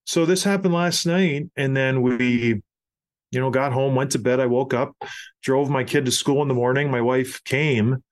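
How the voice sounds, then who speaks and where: A man's voice: medium pitch, normal speed. A man hosting a podcast, chatting casually and telling stories with animation. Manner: animated storyteller. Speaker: podcast host. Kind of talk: casual chat.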